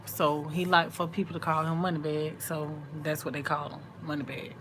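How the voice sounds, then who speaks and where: A woman's voice: deep voice, steady tone, moderate pace, noisy background. A woman, sleepy and chatty, talking casually to viewers in a late-night live chat. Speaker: vlog host.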